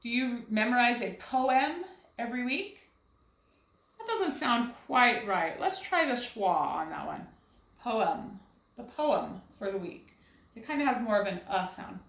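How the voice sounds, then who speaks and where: A woman's voice: a little high, reverberant, low-quality recording. A woman teaching a recorded first grade phonics lesson, patiently sounding words out syllable by syllable and asking guiding questions. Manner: asks rhetorical questions to guide young students.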